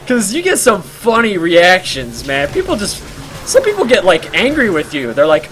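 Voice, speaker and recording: A man's voice: sits high, huge pitch swings, unhurried, a bit bright, soft background music. A man streaming a game while telling a rambling story, full of fillers and laughs.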